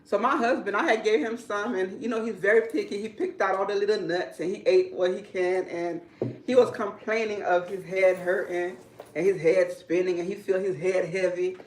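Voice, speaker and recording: A woman who works as a hairdresser, telling a story in casual talk, animated and repetitive, often breaking into laughter. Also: medium pitch, moderate pace. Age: adult. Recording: roomy, from a distance.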